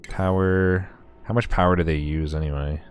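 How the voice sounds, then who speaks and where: A man's voice: deep voice, fairly even intonation, normal speed. A man streamer giving casual gameplay commentary, chatty and sarcastic with himself, swearing often.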